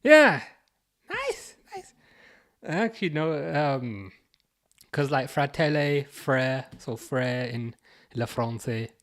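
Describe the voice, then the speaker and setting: A man with a Birmingham accent chats casually on a football livestream, reading comments aloud. His delivery is halting and full of restarts. His voice sits at an ordinary middle pitch. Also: expressive, fairly bright tone. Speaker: livestream host reading chat.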